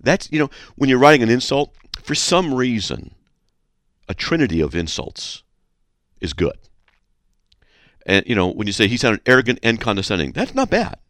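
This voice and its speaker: A man hosting a radio show, reading listener mail aloud with sarcastic, animated commentary and frequent throat clearing. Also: medium pitch, normal speed, long pauses, no echo, clean studio sound.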